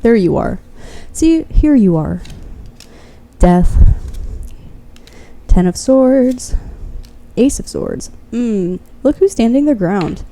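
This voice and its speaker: Woman tarot reader, slightly high but very mellow and dark in tone. Blunt, fervent, swears freely, encouraging. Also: very animated, slow, pauses often. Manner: encouraging, speaks straight to the listener. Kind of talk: pick-a-card tarot reading to the viewer.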